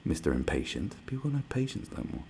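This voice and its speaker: A deep, warm male voice, very animated and fast, comes through with a little hiss or hum. On his live stream he rants offhandedly, cursing heavily, making sarcastic asides, and ridiculing others with put-on voices.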